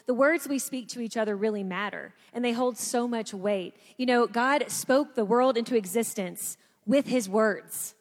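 Animated woman storyteller in a hall. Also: fairly high pitch. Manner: animated storyteller, acts out quotes. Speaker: speaker. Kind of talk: storytelling talk to an audience.

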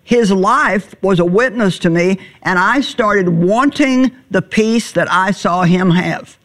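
A middle-aged woman teaching the Bible in a sermon, earnest and plainspoken, slowing down on words she wants to stress. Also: medium pitch. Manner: earnest, plainspoken, slows for emphasis.

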